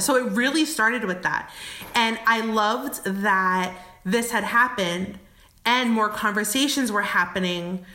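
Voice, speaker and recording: A woman's voice: mid-range voice, bright, forceful tone. A woman guest on a podcast, telling a story candidly, cursing often and laughing. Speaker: podcast guest, travel company founder. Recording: echoey room.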